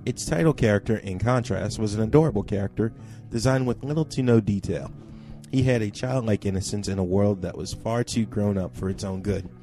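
Mellow-voiced man reading a listener email. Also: lowish voice, fairly quick, hardly any pauses, faint music behind. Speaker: podcast co-host. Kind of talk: reading a listener email aloud, then casual chat.

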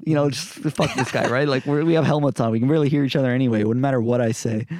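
A man's voice: rapid-fire, no room sound, clean studio sound. A man on a casual podcast telling stories and acting out other people's lines in raised voices. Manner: animated storyteller, acts out quotes in high voices. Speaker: podcast co-host. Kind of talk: casual chat, storytelling.

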